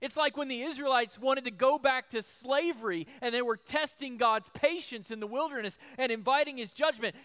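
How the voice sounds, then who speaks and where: Male pastor, middle-aged, high clear voice, preaching with rhetorical questions. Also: normal speed, hardly any pauses, a bit bright. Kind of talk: sermon.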